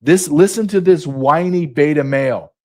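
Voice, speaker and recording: A man's voice: fairly high pitch, normal speed, mellow. A man in his fifties hosting a political commentary show, ranting with blunt sarcasm. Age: 50s. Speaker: host.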